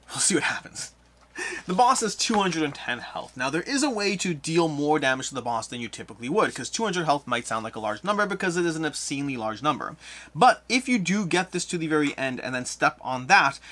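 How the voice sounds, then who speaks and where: Bright-voiced man explaining board game moves. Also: on the high side. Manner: explanatory, thinking aloud over rules and moves. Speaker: board game player and host. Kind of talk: board game playthrough commentary.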